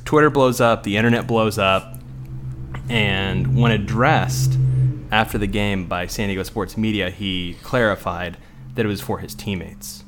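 A young adult man on a casual podcast, ranting with heat and dry sarcasm and swearing freely. His voice sits a little low. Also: fairly bright tone, a little hiss or hum. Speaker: podcast co-host. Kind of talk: heated casual podcast rant.

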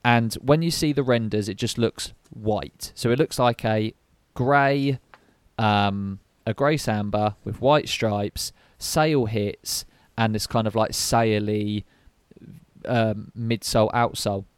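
A man co-hosting a podcast, explaining in relaxed detail with frequent hesitations. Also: on the low side, takes it slowly, smooth, dry recording. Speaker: podcast co-host. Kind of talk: casual sneaker chat.

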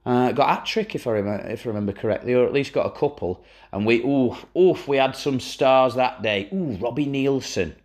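A man's voice: mid-range voice, brisk, a little mellow. A man hosting a podcast, telling football stories in a wry, casual way and swearing freely. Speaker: podcast host. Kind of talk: casual storytelling chat.

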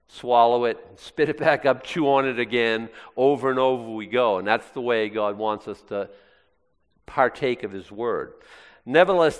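American pastor in a reverberant hall. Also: male voice, mid-range voice, smooth. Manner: rambling, folksy, self-interrupting. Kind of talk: casual sermon.

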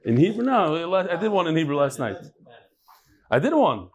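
Man leading a Talmud class. Fairly high voice, energetic and chatty, works a room full of guests. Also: normal speed. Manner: reads emails aloud in a playful tone. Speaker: Talmud teacher. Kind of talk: lively greetings before a daily Talmud class.

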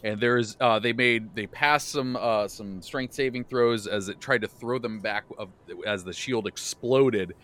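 A man hosting a podcast, recounting his tabletop game session as game master in a loose, animated way, with many restarts and bursts of laughter. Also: lowish voice, a little slow, few pauses. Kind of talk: casual recap of a tabletop game.

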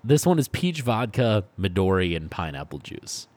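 A low-pitched man chatting casually as a co-host, his voice rising and falling a lot. He talks with eager, joking enthusiasm and plenty of fillers. The sound is dry and close to the mic. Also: big pitch swings, normal speed, darkish tone, no echo. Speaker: podcast co-host. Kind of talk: casual chat.

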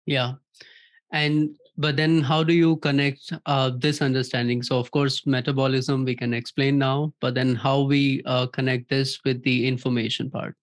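A man's voice: mid-range voice, little pitch movement, moderate pace. A man hosting an interview, asking questions hesitantly with many fillers. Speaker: podcast host.

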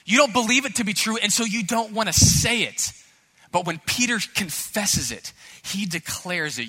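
A man's voice: high-pitched, animated, moderate pace, bright, forceful tone, breathy edge. A male pastor preaching a sermon with emphatic, earnest delivery and storytelling asides, recorded in a church sanctuary. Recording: long hall reverb in a church.

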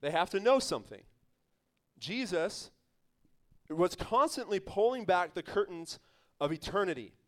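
High-voiced man preaching with emphatic energy. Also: animated, measured pace, long pauses. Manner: emphatic, conversational preaching with laughs and asides. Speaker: pastor. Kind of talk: sermon.

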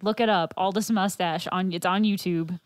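A woman's voice: on the low side, steady tone, moderate pace, no room sound, clean studio sound. A woman co-hosting a podcast, telling a story in casual chat with frequent fillers. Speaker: podcast co-host.

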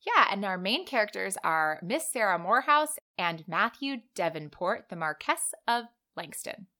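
A woman co-hosting a book podcast in casual chat, talkative and quick to laugh. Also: medium pitch, very animated, pushed and bright. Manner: chatty, laughs easily. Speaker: podcast co-host.

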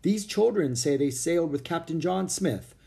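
Friendly old-style governor read by a man, courtly diction, lifted pitch. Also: lively intonation, normal speed, creaky, warm tone. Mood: warm. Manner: courtly, old-fashioned speech.

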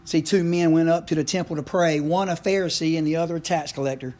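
A man's voice: fairly high pitch, steady tone, fast, a little mellow. A middle-aged man, preaching a conversational sermon full of asides and questions to the congregation. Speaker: pastor.

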